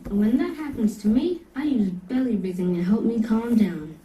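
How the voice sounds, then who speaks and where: A woman's voice: on the high side, lively intonation, moderate pace, lightly acted. A woman voicing a cheerful young boy. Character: friendly young boy explaining calm breathing. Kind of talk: educational video narration. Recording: echoey, distant, noisy video playback.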